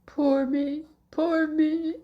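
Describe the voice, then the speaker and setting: Lady playing a shrill young trickster guy, all worked up, storybook read-aloud. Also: normal speed, lo-fi sound. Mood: plaintive. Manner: shrill, excited shouting. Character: frantic young peasant man, sly trickster.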